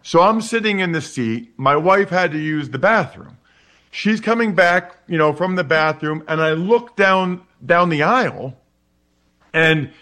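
Man in his forties, fairly high voice, bright tone, rambling anecdotes, stumbling restarts. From Wyomissing, Pennsylvania, USA. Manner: rambling anecdotes with frequent restarts and repeated words. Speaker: guest, former NFL player. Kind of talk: casual interview storytelling.

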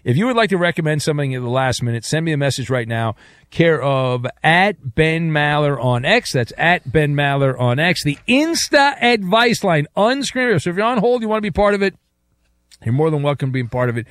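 A man's voice: fairly high pitch, animated, fairly quick, a bit bright, no echo. Man, radio talk host, teasing and jokey, bouncy up-and-down voice, dry close mic. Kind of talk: casual radio chat.

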